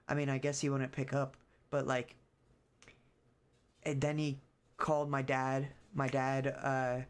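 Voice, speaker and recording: Young male streamer, loose and rambling, casual cursing, average pitch. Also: completely flat delivery, measured pace, smooth. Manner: rambling, many fillers and restarts, swears casually. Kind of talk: casual chat.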